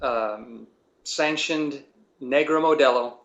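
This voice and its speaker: A man's voice: medium pitch, slow, fairly bright tone, slight background noise. Chill guest cohost guy, bit hesitant, sounds kinda muffled lo-fi. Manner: laid-back, hesitant. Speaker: guest co-host. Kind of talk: casual radio banter.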